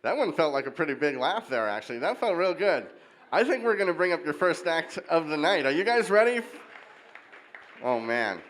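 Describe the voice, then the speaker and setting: A man hosting a stand-up show at a wedding reception, hyping the crowd and introducing acts in a loose, halting way on a handheld mic. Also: a little high, very animated, a bit bright, low-quality recording. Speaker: comedy show host.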